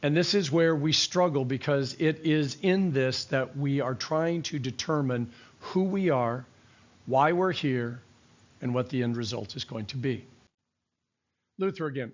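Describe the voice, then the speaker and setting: A man's voice: mid-range voice, measured pace, dull audio. An older man, a pastor, teaching a verse-by-verse Bible study in a conversational preaching style, mixing scripture with personal stories.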